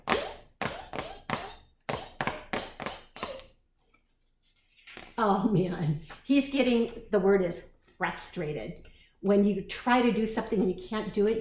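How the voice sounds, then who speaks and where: A woman teacher reading a picture book aloud to young children, expressive and slow, with asides to her listeners. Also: fairly high pitch. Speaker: preschool teacher storyteller. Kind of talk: read-aloud storytime for children. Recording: echoey room, faint noise.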